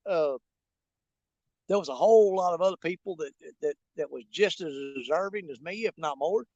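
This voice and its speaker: A man's voice: fairly high pitch, a little mellow, dry recording, lo-fi sound. A man, a fishing vlogger talking casually from a riverbank in a folksy, rambling way. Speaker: fishing channel host. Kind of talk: casual vlog talk while bank fishing. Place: outdoors on a riverbank.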